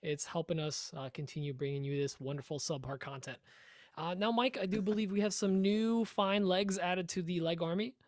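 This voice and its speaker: A man co-hosting a casual podcast over a video call, reading a shout-out and making puns. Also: high-pitched, normal speed, no room sound, clean studio sound. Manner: punning, jokey. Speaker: podcast co-host. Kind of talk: casual chat. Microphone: remote video call.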